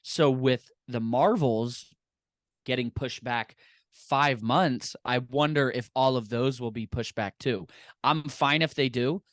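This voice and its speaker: A man's voice: medium pitch, slow pace, a bit bright, no echo, studio quality. A man co-hosting a podcast in casual chat, enthusiastic and rambling. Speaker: podcast co-host.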